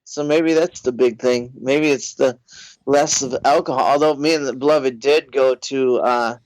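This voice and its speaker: A middle-aged man co-hosting a casual podcast, easygoing and halting, laughing often. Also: medium pitch, steady tone, darkish tone, no echo, poor audio. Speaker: podcast co-host. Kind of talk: casual comedy podcast banter.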